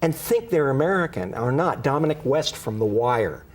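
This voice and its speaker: A man's voice: medium pitch, very animated, moderate pace. A man who reviews plays, talking in a rambling, hesitant way with many restarts. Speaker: theater reviewer. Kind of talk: panel discussion.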